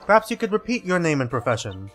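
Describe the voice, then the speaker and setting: A man's voice: a little high, very animated, fast, fairly bright tone, soft background music. A man voicing a stern, formal elderly male judge in a video game, making solemn pronouncements.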